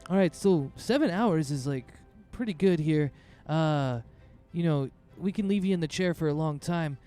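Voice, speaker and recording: A man's voice: a little high, normal speed, mellow, soft background music, natural voice. A man voicing a friendly female orc tattoo artist who talks in an easygoing, businesslike way. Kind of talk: tabletop role-play voicing.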